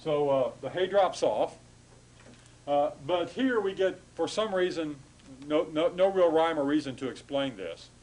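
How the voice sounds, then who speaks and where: A man lecturing a class on grammar, halting and full of fillers, stopping to correct himself. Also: a little high, animated, a little mellow, poor audio.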